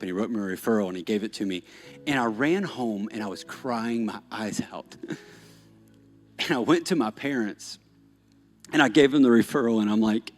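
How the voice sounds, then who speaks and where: A man preaching a sermon as pastor, shifting from animated emphasis to soft-spoken storytelling. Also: fairly low pitch, moderate pace, soft background music. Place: church stage.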